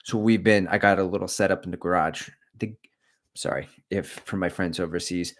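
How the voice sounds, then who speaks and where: Low-voiced man chatting on a livestream. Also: fairly even intonation, a little fast. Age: middle-aged. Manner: candid, joking, rambling. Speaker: running channel host. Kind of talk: casual livestream chat.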